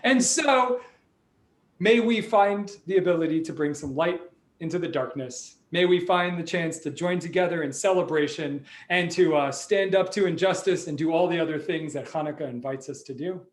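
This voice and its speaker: A man telling a story on a video call, lively and full of sound effects and character voices. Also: fairly high pitch, normal speed, echoey room. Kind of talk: animated storytelling for families.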